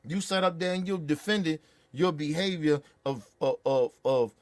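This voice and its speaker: A man's voice: a little high, a little slow. Angry profane man ranting. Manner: angry, profane, shouting bursts. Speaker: show host. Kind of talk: heated political rant.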